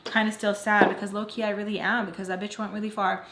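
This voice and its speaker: A young woman retelling a personal story in a casual, animated storytime vlog, acting out the quoted lines. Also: medium pitch, quick pace, gravelly, noisy background. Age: young adult. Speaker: storytime vlogger. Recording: roomy echo.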